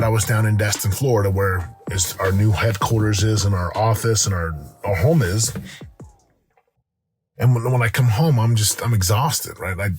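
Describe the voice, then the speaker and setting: A middle-aged man hosting a show, giving an energetic motivational talk with lots of restarts and repeated words. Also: lowish voice, husky. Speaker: podcast host. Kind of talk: motivational monologue.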